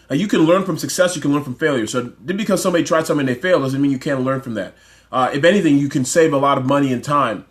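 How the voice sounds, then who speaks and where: A man hosting a casual motivational livestream, talking excitedly with lots of fillers and restarts, straight into a phone. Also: medium pitch. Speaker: livestream host.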